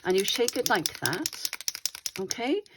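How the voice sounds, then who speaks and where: Heavy background noise surrounds a woman's mid-range, very animated voice as she shows her doodles on a craft channel. Speaking a little slowly, she chats casually and regularly checks on viewers with "all right?"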